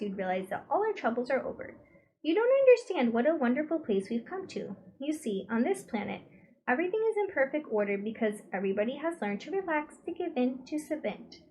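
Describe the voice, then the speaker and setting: A woman voicing a small boy under a spell who speaks in a calm, coldly reasonable way in a storybook reading. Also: high-pitched, pitched above the performer's own voice.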